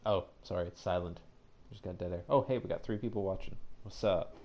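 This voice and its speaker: A man's voice: low-pitched, a little fast, darkish tone. A man chatting casually on a live game stream, joking crudely and reading chat aloud with plenty of ums. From Canada. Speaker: co-op streaming partner.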